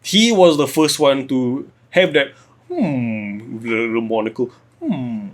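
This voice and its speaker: A man's voice: mid-range voice, slow pace. A young man co-hosting a podcast, rambling and swearing in casual chat. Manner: rambling, profane, animated. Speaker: podcast co-host.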